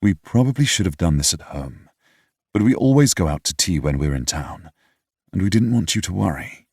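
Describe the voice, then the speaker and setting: A man's voice: low-pitched, expressive, moderate pace, vocal fry, a little mellow, breathy edge, dry recording, studio quality, full character voice. A man reading an audiobook voices a snobbish, wry British father who grumbles in a clipped, proper way. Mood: sombre. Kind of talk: audiobook character voice.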